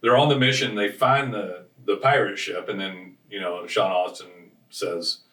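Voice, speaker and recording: Recorded from a distant mic with a roomy sound, a podcast co-host on a business show rambles through his stories in casual chat, frequently starting over. His voice sits on the low side with a steady tone, a sharp edge and a moderate pace.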